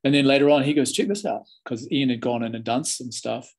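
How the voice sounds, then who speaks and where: A New Zealand man in his forties talks as an interview guest, telling anecdotes in a relaxed, chatty manner. His voice is husky and sits at a middling pitch. He often stops mid-sentence and starts over. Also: quick pace. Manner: laid-back and chatty, many restarts. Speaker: interview guest, former film extra. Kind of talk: casual storytelling.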